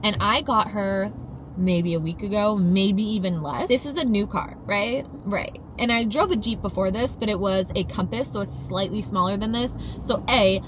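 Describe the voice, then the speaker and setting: A young woman sits in her car and tells a story into her phone, dramatic and animated, swearing casually as she goes. Her pitch sits in an ordinary middle range. Clear road and engine noise hums behind her in the car cabin. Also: normal speed. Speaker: vlogger. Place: inside a car.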